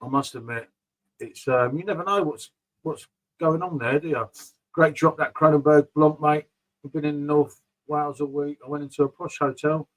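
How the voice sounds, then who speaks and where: A man's voice: a little high, steady tone, moderate pace, low-quality recording. Rambling man chatting with viewers. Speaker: beer vlogger reading live chat. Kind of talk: casual live-stream chat.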